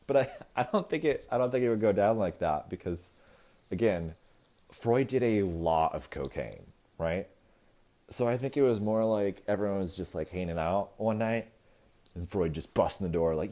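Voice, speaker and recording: Male comic, low register, wide swings in pitch; casual, profane rehearsal routine with quick character bits. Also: lively intonation, mellow. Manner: swears casually, laughs at own jokes. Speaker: stand-up comedian. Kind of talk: stand-up comedy routine. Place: rehearsal space.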